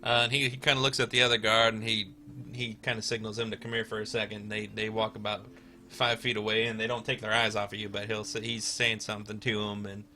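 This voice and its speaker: A man's voice: lowish voice, flat delivery, quick pace, sharp tone, a little hiss or hum. A man narrating a tabletop game as game master, rambling with fillers and restarts.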